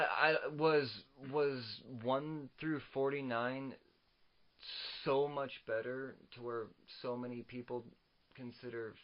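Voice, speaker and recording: With a mid-range voice and lo-fi sound, this young podcast co-host rants about comics on a casual show. He swears a lot and stumbles, stammering as he restarts his sentences.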